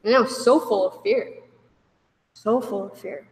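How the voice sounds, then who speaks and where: A woman's voice: mid-range voice, unhurried, darkish tone. A woman shares her recovery story with a meeting in plain, candid words. She acts out the dialogue with a raised voice. Her voice rings in a big reverberant hall, picked up from some distance. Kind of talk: personal recovery story told to a group. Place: meeting room. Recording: echoey hall from far off.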